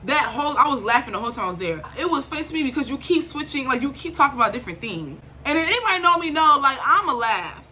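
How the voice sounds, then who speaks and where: Animated young woman, bright voice. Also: sits high, quick pace, few pauses, slight background noise. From Liberia. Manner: animated, swings between irritated and laughing, acts out quotes. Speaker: vlogger. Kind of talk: casual storytime.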